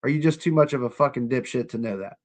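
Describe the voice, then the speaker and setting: A man's voice: mid-range voice, fast. A young man hosting a casual livestream, sarcastic and profane, talking straight to his chat. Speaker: livestream host.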